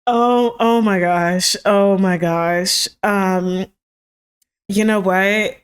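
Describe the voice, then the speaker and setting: A woman's voice: medium pitch, steady tone, extremely slow, clean tone. A woman from the American South with a Southern accent, co-hosting a casual podcast and reacting in an easygoing way. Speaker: podcast co-host. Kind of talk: casual chat.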